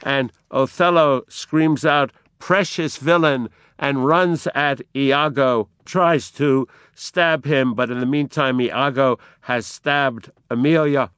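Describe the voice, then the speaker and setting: Slow, resonant male lecturer. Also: mid-range voice, a bit bright, clear, resonant tone, dry recording, studio quality. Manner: dramatic, emphatic narration woven with quoted verse. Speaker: literature lecturer. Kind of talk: lecture on Shakespeare.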